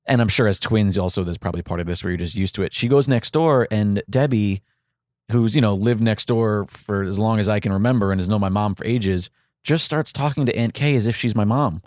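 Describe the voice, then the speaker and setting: A man hosting a podcast, speaking from the heart in a halting, grieving monologue full of fillers and restarts. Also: on the low side, a little mellow, no echo, clean studio sound. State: grieving, voice catching. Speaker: podcast host.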